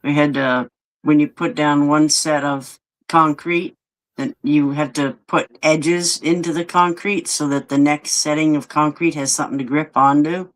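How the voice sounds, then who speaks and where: A man in casual chat, telling a work story in an unhurried, laid-back way. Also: a little high, steady tone, fairly bright tone, rough recording.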